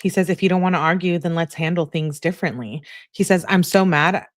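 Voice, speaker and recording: A woman's voice: fairly low pitch, steady tone, a little fast. A woman hosting a true crime channel, reading text messages aloud in an easygoing way and chatting to her viewers between them.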